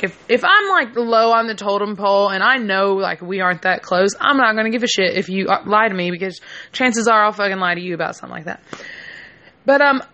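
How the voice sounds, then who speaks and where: A young woman spins a casual story in a bright, sharp voice. She is brash and profane, throwing herself into it and acting out what her friends said. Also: mid-range voice.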